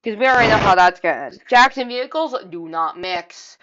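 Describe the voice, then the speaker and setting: A woman's voice: mid-range voice, expressive, brisk, a bit bright, highs cut off. A woman vlogger giving casual, rambling reaction commentary and often repeating herself.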